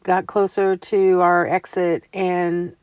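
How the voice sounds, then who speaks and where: An older woman telling homey stories in a chatty, casual voiceover, growing animated as she recounts things. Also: fairly low pitch, slow pace, smooth, no room sound. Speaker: vlogger. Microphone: close mic voiceover.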